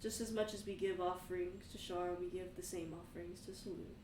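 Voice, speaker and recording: A woman's voice: fairly low pitch, fairly even intonation, fairly quick, noisy background. A woman narrating a tabletop game as game master, casual and amused, recorded roomy and far from the mic.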